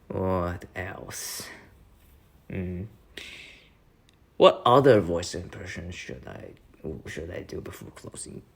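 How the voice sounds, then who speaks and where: Brief: young male vlogger, unhurried and halting, lively pitch. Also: vocal fry. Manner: hesitant, many fillers, laughs often. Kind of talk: casual chat.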